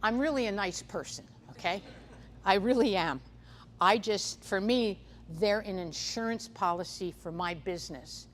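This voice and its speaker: At a conference, a woman with a mid-range voice, speaking a little slowly, presents on livestock guarding dogs and predators. The talk is casual and peppered with "um" fillers and restarts, recorded in an echoey hall with faint noise.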